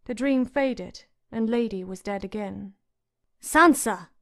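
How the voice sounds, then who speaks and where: A woman narrating a fantasy audiobook in a measured storytelling manner. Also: mid-range voice, gravelly, warm tone.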